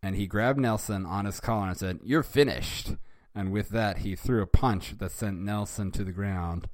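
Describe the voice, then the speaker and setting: Wry male host reading fan fiction aloud with amused asides, low voice, dry close sound. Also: fairly even intonation, moderate pace, no room sound. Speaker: reader and host. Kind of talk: casual reading with wry commentary.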